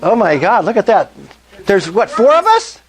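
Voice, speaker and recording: High-pitched and husky, with huge pitch swings, this older man speaks at a moderate pace. He's pitching to a live meetup crowd with enthusiasm, frequently asking questions of his listeners.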